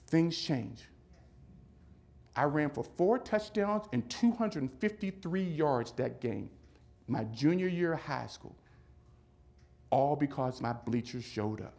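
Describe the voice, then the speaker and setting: Animated male keynote storyteller. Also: a little high, slow pace, gravelly, pauses often. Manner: animated, dramatic, repeating key phrases for emphasis. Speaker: keynote speaker. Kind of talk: motivational storytelling speech. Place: event hall at a business summit.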